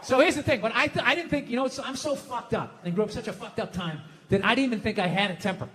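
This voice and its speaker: A middle-aged man doing a stand-up routine, with loud, profane ranting and sudden shouts. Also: extremely high pitch, fast, a little hiss or hum. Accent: Boston. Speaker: stand-up comedian. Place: live comedy venue with audience laughter.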